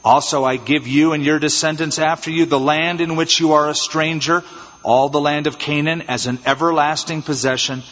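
A man preaching an expository sermon as pastor, animated and acting out little scenes in changed voices. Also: fairly high pitch, moderate pace. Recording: dull, reverberant church hall sound.

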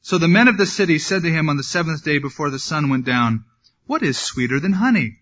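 Male pastor, slightly high voice, bright tone, casual Bible teaching with wry asides, dull lo-fi recording. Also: animated, a little fast. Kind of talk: sermon.

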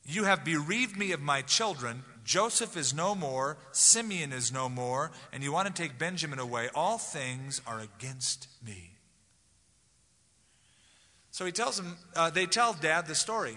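A man preaches an expository sermon with a lively, swooping delivery, acting out the people in the story in little voices. His voice is bright and fairly high for a man. A long reverb from a large church hall trails behind him. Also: a little slow. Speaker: pastor.

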